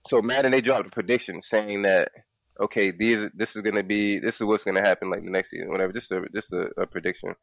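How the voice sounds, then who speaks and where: A man's voice: fairly low pitch, fairly even intonation, fast talker, dry recording. A man co-hosting a casual sports podcast from home, loose and profane, rambling with restarts. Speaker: podcast co-host.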